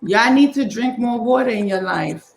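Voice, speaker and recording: Sassy woman with a lively pitch. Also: normal speed. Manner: sassy, teasing. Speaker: podcast host. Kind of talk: casual chat.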